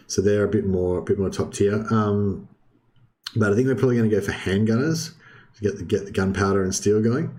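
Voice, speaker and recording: A young man casually commentating his strategy game play, thinking aloud with many filler ums and the odd throat clearing. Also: deep voice, warm tone. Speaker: gaming video host.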